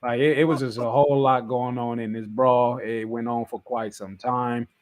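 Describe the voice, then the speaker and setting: A man from the US West Coast co-hosting a wrestling podcast, talking in casual, slangy, animated chat and laughing often. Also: mid-range voice, moderate pace, a crowd in the background. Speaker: podcast co-host.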